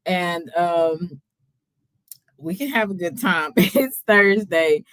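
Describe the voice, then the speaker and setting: A laid-back woman with a Texas accent chats to her live stream viewers, a little tipsy and laughing often. Her voice sits fairly low and she talks slowly. The sound is dry and close, with no room around it. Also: a bit bright, no echo. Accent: Texan. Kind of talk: casual live stream chat.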